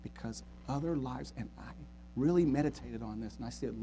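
A man preaching a sermon at a mid-range pitch. He moves between hushed, earnest asides and loud, fervent passages. A faint hum sits under the recording. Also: moderate pace, low-quality recording. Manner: preaching, rising loud and fervent in retold scripture. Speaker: pastor.

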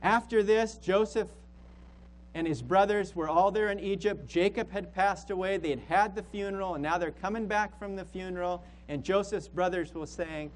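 A man's voice: high voice, moderate pace, a little hiss or hum, poor audio. A man preaching a sermon as a pastor, emphatic and repeating key phrases for stress.

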